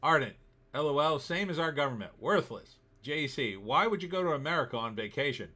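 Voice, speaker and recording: Reading his viewers' chat aloud, this middle-aged host from New Jersey answers with sarcastic, chatty asides on a casual stream. He talks briskly in a higher, pushed, bright voice full of lively intonation.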